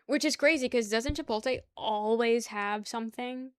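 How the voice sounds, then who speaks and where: A woman's voice: on the high side, normal speed, smooth, no echo. A young woman livestreaming casual chat with her viewers, rambling, laughing easily and swearing offhandedly. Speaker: livestream host.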